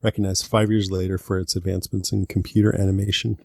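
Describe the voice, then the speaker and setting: Podcast co-host, man, lowish voice, retells movie scenes, laughs a lot, dry sound. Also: flat delivery, fast, vocal fry, darkish tone, dry recording. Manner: laughs often while recounting movie scenes. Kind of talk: casual podcast movie chat.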